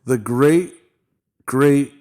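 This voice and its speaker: A young man drawls through a casual podcast chat at an easy, unhurried pace, his speech loose and profane and full of "dude." He sounds relaxed and conversational as he riffs with a friend. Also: medium pitch. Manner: laid-back, swears a lot, says "dude". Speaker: podcast co-host.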